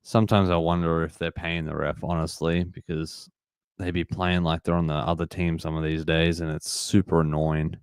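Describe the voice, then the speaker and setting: A man's voice: sits low, flat delivery, normal speed, smooth, dry recording, studio quality. A young man hosting a live sports watch-along, frustrated at calls and reading chat messages aloud. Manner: frustrated, reacts to plays and reads chat aloud. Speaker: livestream host.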